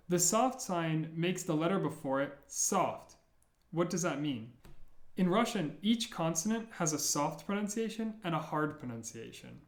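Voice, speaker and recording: A man's voice: a little high, reverberant. Patient man teaching a language lesson. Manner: patient, reassuring, models sounds slowly.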